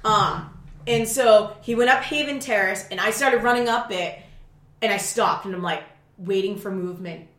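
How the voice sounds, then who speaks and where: A woman telling a story in a casual chat, profane and animated, acting out her own shouting. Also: medium pitch, moderate pace. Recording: roomy echo.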